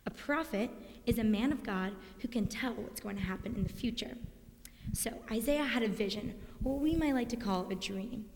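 A young woman giving a lively children's sermon in a church sanctuary, speaking with enthusiasm to kids. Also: mid-range voice. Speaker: student speaker leading children's moment. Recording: long church reverb.

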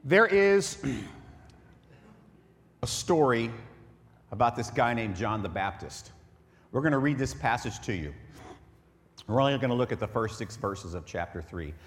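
A man's voice: medium pitch, big pitch swings, unhurried, pauses often, long reverb tail. A man preaching a sermon as pastor, joking and conversational with his congregation.

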